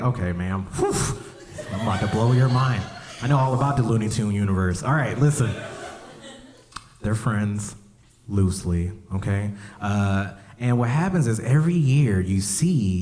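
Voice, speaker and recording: Male stand-up comic, lively pitch swings, laid-back and profane, acts out characters, live club. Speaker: stand-up comedian. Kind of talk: stand-up set. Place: comedy club stage, live crowd.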